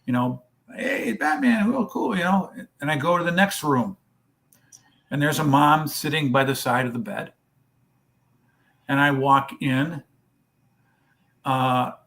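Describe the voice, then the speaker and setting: A man's voice: mid-range voice, fairly bright tone. A man who founded a children's charity, telling a long story in an interview and acting out each person's lines. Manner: storytelling, acts out dialogue.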